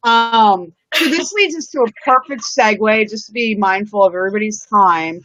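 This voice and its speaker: A woman's voice: mid-range voice, normal speed, fairly bright tone. A woman hosting a live-streamed chat outdoors, talking in a rambling, casual way full of "like" and "you know", with the odd swear word. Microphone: live-stream setup. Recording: dull, dry lo-fi sound.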